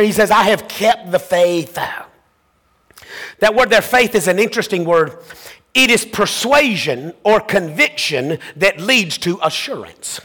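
A man preaching a sermon as pastor, impassioned, rising to shouts and repeating his phrases. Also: high voice, big-room sound.

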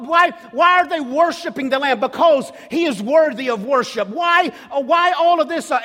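High-voiced man preaching in an echoing hall. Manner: emphatic preaching with repeated rhetorical questions and sudden drops to a hush. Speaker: pastor. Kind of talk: sermon.

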